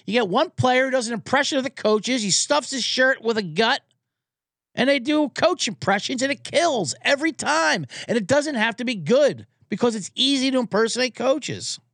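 A man's voice: very high voice, lively intonation, normal speed, a bit bright, no echo, clean studio sound. A man hosting a comedy sports podcast, ranting with profanity and getting fired up. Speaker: podcast host.

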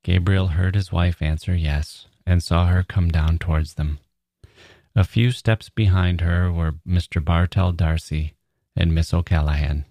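A man hosting a podcast, reading a story in a measured, reflective way and commenting on it. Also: deep voice, fairly even intonation, dark tone, no room sound, clean studio sound. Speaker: podcast host.

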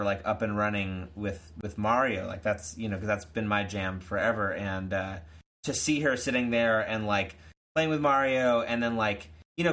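Guy guesting on a gaming chat, laughs a lot, kinda rambly, average pitch. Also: a bit bright. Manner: rambling, laughing, many restarts. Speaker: guest musician. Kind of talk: casual chat.

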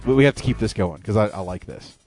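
A man hosting a casual talk radio show, chatty and quick to cut in, repeating words as he jumps in. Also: fairly low pitch, animated, darkish tone, faint music behind.

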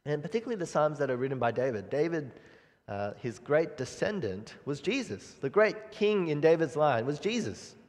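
A man preaching a sermon in an earnest, measured way, pausing and restarting often. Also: on the high side, sing-song. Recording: long reverb of a hall.

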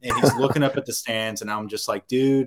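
A man co-hosting a casual sports podcast, telling stories in an excited, profane rush. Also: fairly low pitch. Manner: excited, profane, rapid storytelling.

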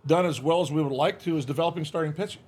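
The former baseball manager, now an older man, speaks very fast in a fairly high but darkish voice with a breathy edge. Appearing on a podcast in the studio, he swaps folksy stories casually and performs the lines he's quoting.

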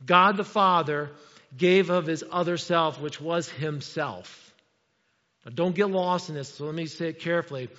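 Pastor, middle-aged man, animated conversational sermon, slightly high voice, muffled lo-fi recording. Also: unhurried. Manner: animated, conversational preaching with rhetorical questions. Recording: reverberant hall, dull lo-fi sound.

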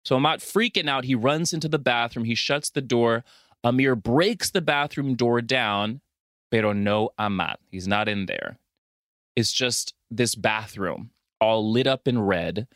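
Animated man recapping a movie, very dry sound. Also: mid-range voice, unhurried, no echo. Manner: animated retelling, profane, laughs often, quotes characters. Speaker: podcast co-host. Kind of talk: casual movie recap chat.

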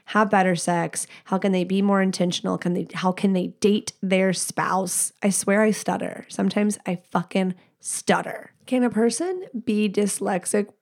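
A woman's voice: medium pitch, normal speed, few pauses. A woman hosting a podcast alone, talking candidly and rambling, swearing freely and acting out what other people say. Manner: candid, rambling, profane, quotes people in animated voices. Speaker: podcast host. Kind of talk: casual solo podcast talk.

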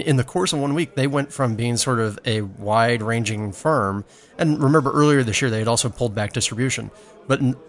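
Male podcast co-host, mid-pitch voice, chatty and exclamatory, casual recap delivery. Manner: chatty, exclamatory, lively storytelling. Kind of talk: casual chat.

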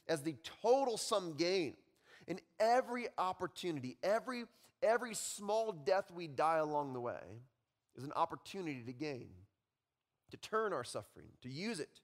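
Male pastor, slightly high voice, animated sermon delivery with big swings in volume. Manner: animated, swings between loud emphasis and quiet reflection.

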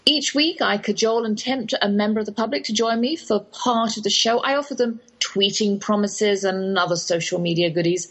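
A woman's voice: mid-range voice, normal speed, few pauses, low-quality recording. A middle-aged woman with an English accent, hosting a radio show in a rambling, anecdotal talk with devotional asides. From England. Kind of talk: chatty radio monologue.

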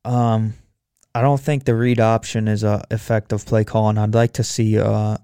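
A man's voice: lowish voice, little pitch movement, moderate pace, warm tone, clean tone, dry recording, clean studio sound. A man co-hosting a sports betting podcast, telling stories in a casual chat.

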